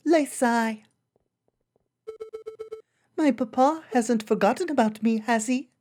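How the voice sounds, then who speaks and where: A woman voicing a pampered, polite young noblewoman who is a cat, in a high, sweet voice. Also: animated, a little slow, warm tone.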